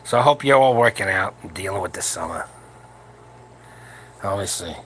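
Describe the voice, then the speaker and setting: A man's voice: sits low, animated, moderate pace, a bit bright, slight background noise. A man in his seventies hosting a late-night livestream for his powerlifting channel, talking in a crude, rambling, joking way from home while his wife sleeps nearby. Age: 70s.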